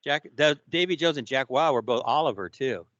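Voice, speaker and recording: A man's voice: mid-range voice, animated, brisk, fairly bright tone, no echo, lo-fi sound. A man hosting a casual call-in show, offhandedly sharing trivia. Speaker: show host.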